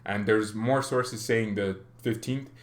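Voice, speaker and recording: A man with a lowish voice talks slowly while hosting a fan channel livestream. He's casual and animated, laughs a lot, and his pitch leaps when excitement hits.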